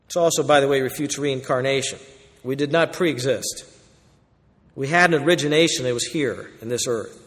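A man preaching a verse-by-verse sermon, swinging between loud emphatic warnings and quiet low asides. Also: moderate pace, big-room sound. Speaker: pastor. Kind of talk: expository sermon.

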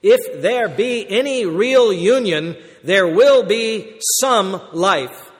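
A man voicing a stately old British male preacher in a put-on British accent, slow and declaiming. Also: high voice, animated, big-room sound. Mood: solemn.

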